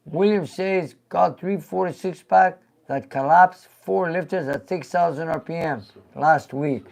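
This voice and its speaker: An older man hosting a casual live-stream show, reading viewer comments aloud and chatting in an animated way. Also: a little high, unhurried, gravelly. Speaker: show host.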